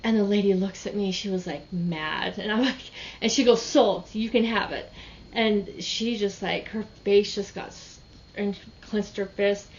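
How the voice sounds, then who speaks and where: Woman, casual rambling reseller vlog chat, mid pitch, slightly dull recording with faint noise. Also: fairly even intonation, measured pace. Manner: chatty, rambling storyteller with frequent restarts. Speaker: reseller vlogger.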